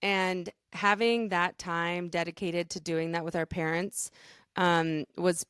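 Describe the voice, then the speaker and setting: A woman's voice: fairly low pitch, steady tone, takes it slowly, fairly bright tone, clean tone, dry recording, studio quality. A woman co-hosting a podcast, talking in an earnest, rambling way with many fillers and restarts. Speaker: podcast co-host. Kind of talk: casual chat.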